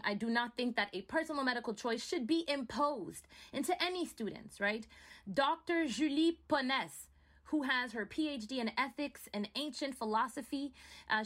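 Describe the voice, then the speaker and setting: A woman's voice: high voice, a bit bright. A woman from Montreal giving emphatic opinion commentary as a vlogger, often checking in with "right?". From Montreal, Canada. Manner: emphatic, keeps asking "right?".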